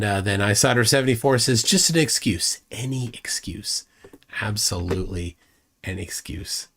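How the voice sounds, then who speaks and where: A man hosting a live reaction stream, reading chat comments aloud and mocking the clip with sarcastic asides. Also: mid-range voice. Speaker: livestream host reacting to a video.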